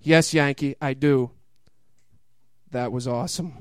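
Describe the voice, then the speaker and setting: A man voicing a brash, crude young woman, speaking in a high, yelling voice. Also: steady tone, unhurried, smooth, dry recording, natural voice. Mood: flat. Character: brash, foul-mouthed young Russian woman.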